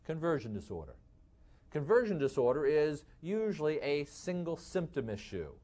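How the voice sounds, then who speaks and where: A man with a Midwestern accent giving a lively lecture, asking the class rhetorical questions and calling them folks. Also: on the high side, normal speed. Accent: Midwestern American. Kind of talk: recorded lecture to medical students.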